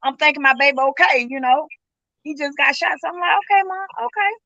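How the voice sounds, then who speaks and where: A woman's voice: high voice, fairly even intonation, fairly quick, sharp tone, dry recording, muffled recording. A middle-aged woman telling how she lost her son, earnest and reliving the moments through retold dialogue. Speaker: guest, grieving mother. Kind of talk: emotional personal account.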